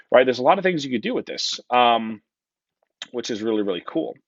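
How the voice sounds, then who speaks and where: A man's voice: mid-range voice, animated, fairly quick, no room sound, lo-fi sound. A man with a New Jersey accent giving a casual, joking conference talk full of fillers. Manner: chatty, joking, many fillers and "right?". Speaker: conference speaker.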